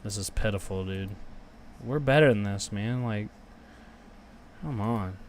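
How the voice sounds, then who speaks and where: A man's voice: on the low side, a little slow, slight background noise. A young man reacting live to a football game, grumbling and cursing at his team and then erupting into cheers on big plays. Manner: frustrated, swears, talks back to chat.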